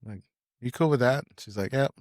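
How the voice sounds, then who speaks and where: Podcast guest: young man, blunt, rambling, mid-pitched voice, dry close mic. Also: moderate pace, a little mellow, no room sound. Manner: blunt, rambling, swears freely. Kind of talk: casual chat.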